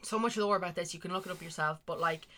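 A woman's voice: fairly low pitch, fast, sharp tone, a little hiss or hum. A young woman co-hosting a podcast, chatting casually and swearing freely, sitting a little back from the mic. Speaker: podcast co-host. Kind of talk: casual chat. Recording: slightly distant from the mic.

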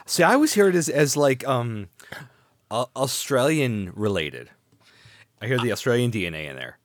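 A man co-hosting a casual book podcast, his pitch moving lively up and down as he jokes. The recording is dry and close, with no room sound. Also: dry recording. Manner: joking, animated, quick asides. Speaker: podcast co-host.

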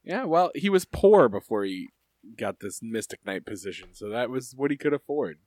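Sarcastic, lively-voiced man podcaster. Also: mid-range voice, normal speed, no echo. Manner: sarcastic, swears, exasperated jokes. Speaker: podcast co-host. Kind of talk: casual chat.

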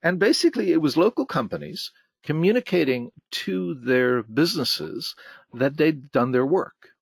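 A man's voice: a little high, expressive, normal speed, vocal fry, husky, no room sound. A middle-aged man hosting a casual monologue series. He reads old conference topic titles aloud and adds wry, emphatic commentary on each. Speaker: host of a retrospective series.

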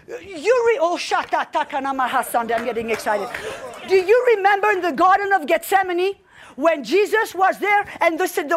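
Woman preacher, super high voice, fired up, keeps saying amen and building to shouts. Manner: fervent, builds to shouting exclamations; frequent "amen" and call-and-response. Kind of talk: sermon.

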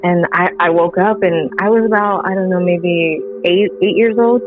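A woman telling a personal story in casual chat, animated and laughing often, acting out the lines she quotes. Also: lowish voice, moderate pace, phone-quality sound, soft background music. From Central Texas. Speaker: guest.

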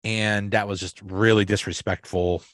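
Low-voiced man rambling through a recap. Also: level tone, moderate pace, fairly bright tone, dry recording, studio quality. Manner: rambling, with many fillers and restarts. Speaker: podcast host. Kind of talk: casual episode recap.

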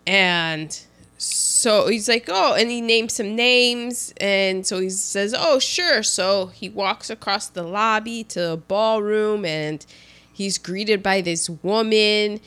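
In a casual chat, a woman with a medium-pitched, clear and resonant voice retells a film scene by scene. She speaks slowly and animatedly, acting out the characters' lines and restarting often.

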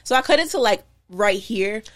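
A woman telling a story as a podcast guest, animated and calling her listeners y'all. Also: mid-range voice, normal speed. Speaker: podcast guest, hair oil maker. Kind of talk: casual storytelling chat.

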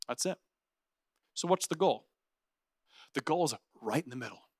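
Young pastor guy preaching, high voice, super casual and animated, dry close sound. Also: normal speed, husky, dry recording. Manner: casual, energetic, says "like" often; animated and playful. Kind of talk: sermon.

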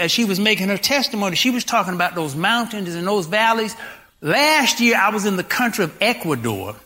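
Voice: mid-range voice, sharp tone. A pastor in their sixties preaching a sermon, full of rhetorical questions. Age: 60s.

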